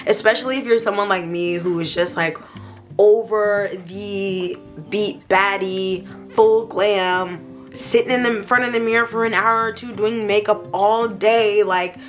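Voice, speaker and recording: A young woman in a casual beauty review vlog, talking playfully and gushing with excitement. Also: mid-range voice. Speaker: beauty vlogger.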